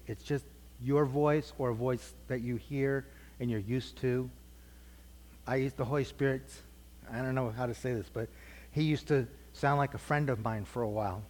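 A middle-aged man teaching a church group conversationally, asking questions and repeating their answers. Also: mid-range voice. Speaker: preacher teaching a class. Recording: long hall reverb.

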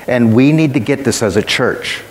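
A man's voice: mid-range voice, normal speed, echoey room, long reverb tail, slight background noise. A man preaching a sermon in a church, emphatic and matter-of-fact, telling stories to make his point.

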